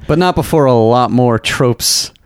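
A man's voice: medium pitch, measured pace, no room sound, clean studio sound. A man co-hosting a casual podcast, chiming in with wry quips about a movie. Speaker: podcast co-host.

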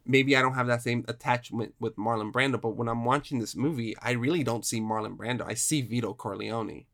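A man's voice: mid-range voice, fairly quick, vocal fry, a bit bright. A man co-hosting a casual film chat, rambling with restarts and casual swearing.

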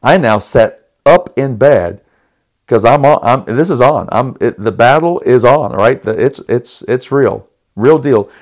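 A man's voice: mid-range voice, unhurried. Middle-aged guy on a podcast, telling a story all worked up, keeps restarting his sentences, laughs here and there. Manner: animated, dramatic retelling with restarts and chuckles. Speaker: podcast host. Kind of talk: personal storytelling.

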